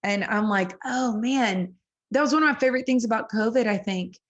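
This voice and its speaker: A woman's voice: a little high, fairly quick, dull audio. A woman songwriter in her thirties talking earnestly in an interview, with frequent laughs and lots of "like". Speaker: singer-songwriter guest. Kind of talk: casual interview conversation.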